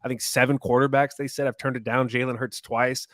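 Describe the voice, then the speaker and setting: A man's voice: medium pitch, flat delivery, brisk, a bit bright, dry recording, studio quality. A man co-hosting a sports podcast in a casual, agreeable way, chatting with his co-hosts. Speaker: podcast co-host.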